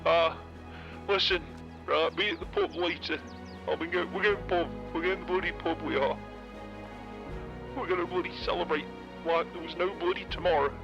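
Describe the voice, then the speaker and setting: A man, speaking in character on a phone call in a game roleplay, excited and emphatic, swearing often. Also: on the high side, normal speed, creaky, long pauses. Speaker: roleplay player. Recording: dull lo-fi phone-style audio with music.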